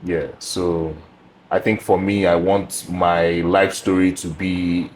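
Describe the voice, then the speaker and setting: A young man hosting a podcast, talking about himself in a reflective, measured way with frequent ums and restarts. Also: low voice, flat delivery, a little mellow, rough recording. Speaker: podcast host. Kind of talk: casual interview chat. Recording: faint background noise.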